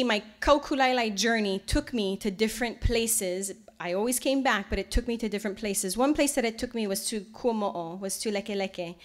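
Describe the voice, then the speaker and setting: A woman giving a lecture, telling stories in an animated way and acting out the voices of people she quotes. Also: medium pitch. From Hawaii. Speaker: lecture presenter. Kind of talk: storytelling lecture.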